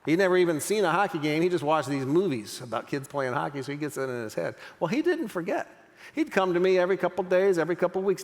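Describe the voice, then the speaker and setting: A middle-aged man delivers a motivational keynote, telling a story and animatedly acting out each character's lines. His voice is high and fast, with the long reverb of a large hall.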